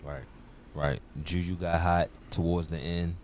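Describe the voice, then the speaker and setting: A man co-hosting a casual sports podcast, joking and animated, rising high when worked up. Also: unhurried, slight background noise. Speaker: podcast co-host.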